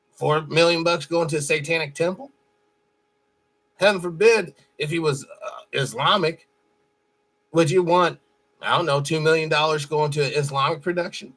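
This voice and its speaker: A man's voice: on the high side, a bit bright. A man hosting a show, giving blunt, profane and mocking commentary over a played clip. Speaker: host.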